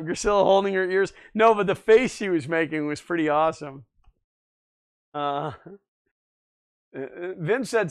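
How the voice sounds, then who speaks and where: A man's voice: sits high, moderate pace, pauses often, clear, resonant tone. A man hosting a livestream, chatting casually and reading viewer comments aloud, easygoing and often laughing. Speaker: livestream host.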